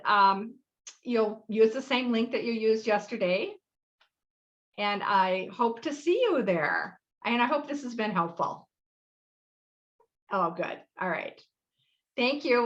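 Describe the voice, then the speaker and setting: A woman's voice: medium pitch, fairly bright tone, dull audio. A middle-aged woman hosting a live webinar workshop, explaining practices in a friendly, rambling way with fillers. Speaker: workshop host.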